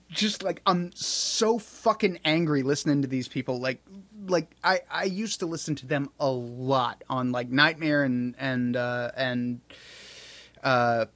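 A man hosting a casual podcast chat, blunt and profane, animated as he vents. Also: mid-range voice, no echo. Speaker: podcast host and author.

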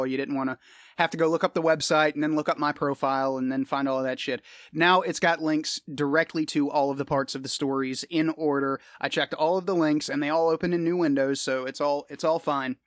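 A man's voice: on the high side, fairly even intonation, quick pace, no room sound, studio quality. A man in his thirties hosting a solo podcast, rambling off the top of his head with casual swearing. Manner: casual, profane, rambling off the cuff. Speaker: podcast host.

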